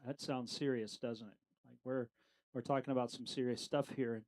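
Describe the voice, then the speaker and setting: A man's voice: mid-range voice, fairly even intonation, normal speed, low-quality recording. A middle-aged man leading a casual Bible study, talking conversationally with lots of fillers and questions to the group.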